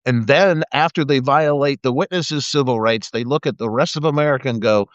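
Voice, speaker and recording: A man's voice: medium pitch, fairly quick, no echo. A middle-aged man and former police officer hosting a live video, delivering a profane, sarcastic political rant. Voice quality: profane, sarcastic, mocking put-on voices. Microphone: phone or webcam on a live video. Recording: dull dry sound.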